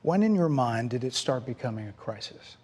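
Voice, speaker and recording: A man's voice: medium pitch, lively intonation, a little fast, a little mellow, slightly rough, in a large hall. A man as a television interviewer asking persistent, probing questions. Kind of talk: pressing broadcast interview questions.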